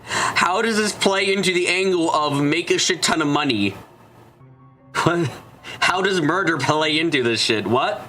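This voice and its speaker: A man giving gameplay commentary, baffled and profane, swearing at the plot. His voice is high and bright, with a lively pitch that jumps around, and faint game music plays underneath. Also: a little slow, a little hiss or hum. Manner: incredulous, profane, exasperated. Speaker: let's play host.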